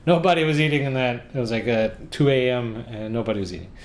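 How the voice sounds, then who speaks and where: An American man from the United States, medium-pitched and fast, talks animatedly about his travel guidebook. It's casual, rambling vlog talk, full of sarcastic jokes and frequent restarts.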